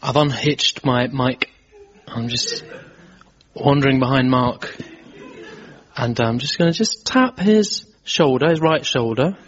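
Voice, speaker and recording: A man, a regular on a comedy show, calmly narrating his own prank in deadpan banter. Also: mid-range voice, slow, pauses often, breathy edge. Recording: dull lo-fi live recording with crowd. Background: audience laughter.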